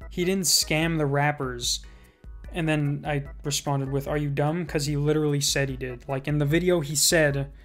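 A man's voice: a little high, fairly even intonation, normal speed, fairly bright tone, soft background music. A man reacting to viewer comments in casual commentary, speaking properly with careful enunciation and sarcastic rebuttals. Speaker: YouTube commentator reading comments.

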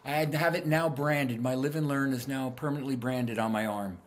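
Earnest man telling stories, mid-pitched. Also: fairly even intonation, moderate pace. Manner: earnest, reflective, repeats words. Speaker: guest musician. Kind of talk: casual interview storytelling.

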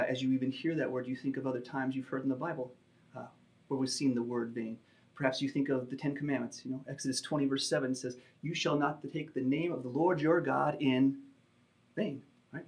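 Male pastor, sermon delivery, emphatic teaching, slightly high voice, uses fillers.

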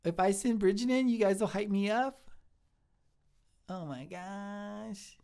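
In improvised live-stream comedy, a man plays a sweet, shy restaurant cook in his thirties. He uses an exaggerated, high-pitched, gravelly voice and speaks slowly, rambling earnestly and getting flattered easily.

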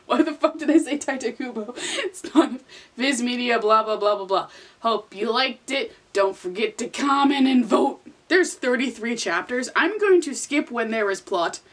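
A woman's voice: fairly high pitch, expressive, normal speed. A young woman reading her old fanfiction aloud in a casual comedic way, laughing, swearing and mocking herself.

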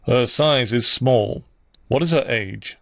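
A harsh, prim old clergyman speaks in slow, grave questions, as a man reads him. His voice is dry and close, every word measured and solemn. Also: medium pitch, dry recording.

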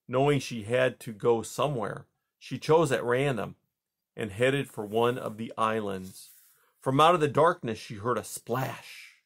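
A man's voice: mid-range voice, gravelly. Man reading a children's novel aloud. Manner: slow, measured reading. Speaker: reader.

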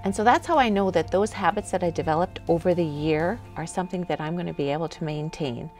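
A woman's voice: fairly low pitch, fast talker, a little mellow, soft background music. A woman life coach giving an enthusiastic motivational lesson while walking on a treadmill.

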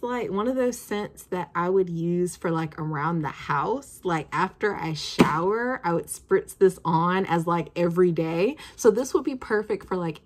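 A woman in her twenties chatting casually as she reviews perfumes, thinking aloud with plenty of fillers. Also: medium pitch. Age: 20s.

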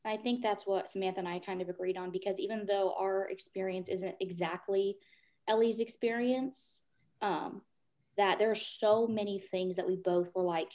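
A woman's voice: medium pitch, fairly even intonation, moderate pace, dark tone. A woman co-hosting a library podcast, enthusiastic and rambling as she talks with a guest author. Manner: enthusiastic, rambling, gets emotional. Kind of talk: podcast interview.

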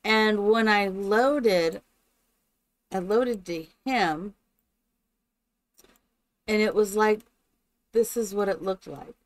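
Female streamer, chatty, coos at her game characters, measured pace. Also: medium pitch, dry recording, rough recording. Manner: opens with a spoken blessing. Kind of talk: live gameplay commentary.

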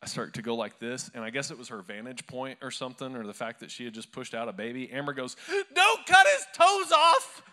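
Bright-voiced storytelling man preaching. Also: medium pitch, steady tone, fast talker, hardly any pauses. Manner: conversational storytelling with humor. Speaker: pastor. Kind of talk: sermon. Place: church before a live congregation.

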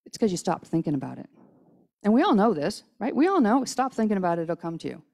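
A woman's voice: mid-range voice, sing-song, fast talker, creaky, dark tone. A woman giving a conversational sermon in a church, chatty with restarts, tired from little sleep. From United States. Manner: casual, chatty, with restarts and acted-out quotes. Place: church sanctuary.

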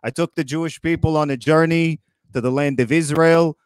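A comedian playing a kvetching old Moses. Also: male voice, a little high, fairly even intonation, clean tone, no echo, natural voice. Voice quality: kvetching, sarcastic, rapid-fire. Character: Moses as a grumpy old Brooklyn Jewish man. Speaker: roast host. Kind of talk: comedy roast in character.

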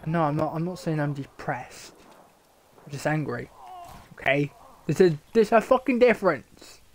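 A man's voice: a little high, expressive, normal speed, slight background noise. A man streaming a game live, swearing constantly and grumbling in frustration as he plays. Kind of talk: live gameplay commentary.

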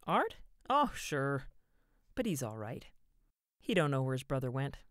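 A woman's voice: rumbling low, big pitch swings, unhurried, no room sound, clean studio sound, exaggerated voice. A woman doing a folksy small-town businessman. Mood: chatty. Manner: drawling, colloquial.

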